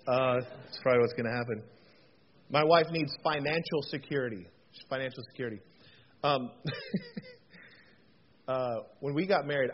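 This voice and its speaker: Male pastor, forties, animated storytelling sermon; higher voice, muffled recording. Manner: animated, jokey storytelling with audience call-outs. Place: church hall. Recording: dull lo-fi recording, faint noise.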